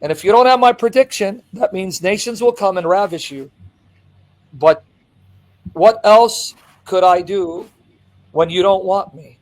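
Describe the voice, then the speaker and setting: A man's voice: sits high, a little slow, pauses often, low-quality recording. A man teaching from the Bible with impassioned emphasis, reading scripture aloud and explaining it point by point. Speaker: Christian apologist.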